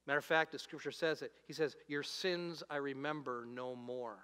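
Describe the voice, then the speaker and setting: A man preaching a sermon as pastor, animated, swinging from loud emphasis to soft, low asides. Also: normal speed, smooth. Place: church auditorium. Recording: long hall reverb.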